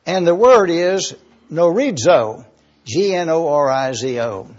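Husky high-voiced Bible teacher. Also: male voice, animated, darkish tone, dull audio. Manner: deliberate, spells out words letter by letter.

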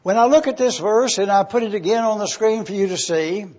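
Male pastor, high and husky, unhurried sermon delivery, dull lo-fi recording. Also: a little mellow. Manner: slow, deliberate teaching cadence with listed points.

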